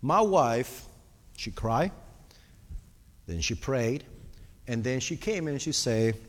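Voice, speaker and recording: A man's voice: medium pitch, lively intonation, slow, in a large hall. A man preaching a sermon with personal testimony, earnest and speaking straight to the congregation. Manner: earnest, addresses the congregation directly.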